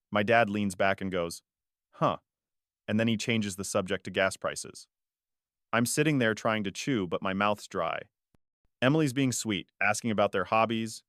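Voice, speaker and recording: A man reading a first-person family story aloud in a measured, dramatic way. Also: lowish voice, a bit bright, dry recording, clean studio sound. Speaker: story narrator. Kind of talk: scripted narration.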